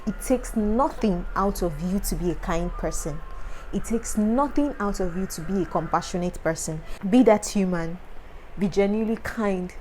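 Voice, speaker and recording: A woman's voice: medium pitch, normal speed, a little mellow, slight background noise, rough recording. A young woman with a Nigerian accent, a foreign medical student speaking to camera and passionately repeating her key points of advice. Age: young adult.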